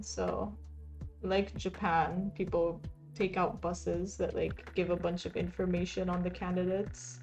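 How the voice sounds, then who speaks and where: A young woman streaming and chatting casually, rambling and laughing often as she plays. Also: mid-range voice. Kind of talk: casual live-stream chat while playing.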